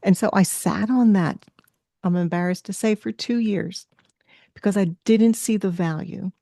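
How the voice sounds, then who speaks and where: A woman's voice: mid-range voice, a little slow, gravelly, dark tone, no echo, studio quality. A woman hosting a podcast interview, talking in an effusive, encouraging way and sharing a personal story. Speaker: podcast host.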